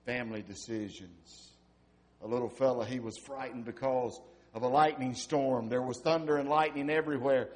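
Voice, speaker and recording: A man in his fifties preaching a sermon, swinging from hushed, near-whispered lines to loud, emphatic ones. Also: mid-range voice, fairly even intonation, moderate pace. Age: 50s. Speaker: pastor.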